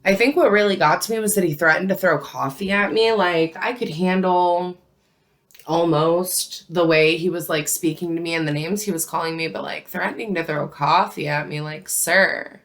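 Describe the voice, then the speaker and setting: Speaking on the low side with a steady tone, a young woman vlogs a casual story about her job. She takes her time, chatting away and leaning on "like" again and again.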